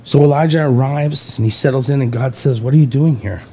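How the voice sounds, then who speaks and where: A male preacher working through a scripture passage in a loose, conversational way. His voice is mellow and dark, with a husky edge. He slips into the lines of the story as he retells it. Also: medium pitch, fairly quick. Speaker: pastor. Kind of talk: sermon.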